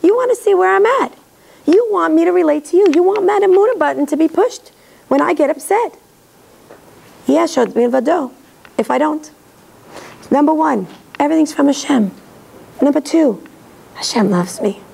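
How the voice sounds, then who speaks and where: Woman, hoarse from laryngitis, high-pitched, earnest and animated lecture, acts out dialogue. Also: normal speed, long pauses, poor audio. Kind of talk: religious lecture to an audience. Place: synagogue hall.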